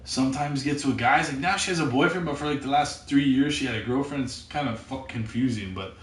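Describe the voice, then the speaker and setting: A man telling a story casually, rambling, repeating himself and swearing constantly, sometimes getting loud and excited. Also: mid-range voice, brisk, reverberant, recorded from a distance. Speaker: podcast storyteller.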